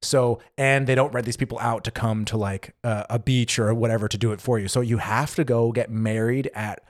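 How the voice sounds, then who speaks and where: A man's voice: medium pitch, a little fast, dry recording, clean studio sound. A young adult man co-hosting a podcast, chatting casually and acting out little quotes as he tells a story. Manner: animated storytelling with acted-out quotes. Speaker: podcast co-host. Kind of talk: casual chat. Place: living in Germany.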